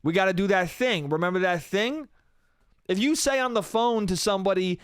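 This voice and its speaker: A man's voice: high voice, animated, fairly quick, clean tone, no echo, clean studio sound. Rambling, profane man on a solo podcast. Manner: rambling, profane, self-amused, restarts often. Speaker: podcast host. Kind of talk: solo comedy podcast rant.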